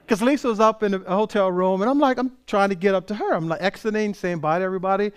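A middle-aged man preaches from California roots, telling a story and acting out the voices of the people in it. His voice sits a little high. He shifts between a lively telling and a quieter, prayerful delivery. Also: quick pace, hardly any pauses, smooth. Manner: animated storyteller, acts out quoted voices. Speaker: pastor. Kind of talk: sermon storytelling.

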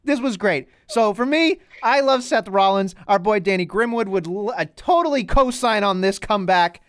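A man's voice: high voice, lively intonation, moderate pace, a bit bright, smooth, dry recording. A man co-hosting a podcast in casual chat, ranting animatedly and swearing freely. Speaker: podcast co-host.

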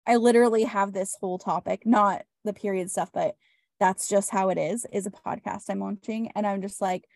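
A woman's voice: mid-range voice, fairly even intonation, moderate pace, creaky, a little mellow, dry recording, studio quality. A woman hosting a podcast, chatting casually in an upbeat, emphatic way. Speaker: podcast host. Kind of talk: casual chat.

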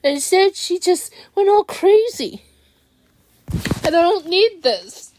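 A young woman venting in an upset, halting way, often restarting her sentences. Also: very high-pitched, expressive, darkish tone. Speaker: vlogger. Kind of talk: venting monologue.

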